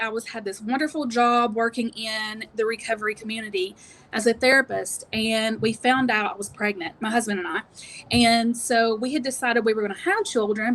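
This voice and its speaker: A woman's voice: on the high side, a bit bright. A woman in her thirties from East Tennessee, with a light East Tennessee accent, telling her life story as a guest on a video call. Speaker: guest entrepreneur.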